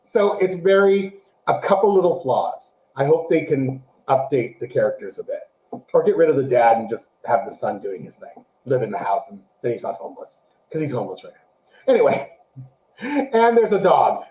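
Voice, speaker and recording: A man co-hosting a casual show, chatting animatedly about a TV series and acting out quotes in a high, excited voice. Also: moderate pace, reverberant, low-quality recording. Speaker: podcast co-host. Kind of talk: casual chat, show review.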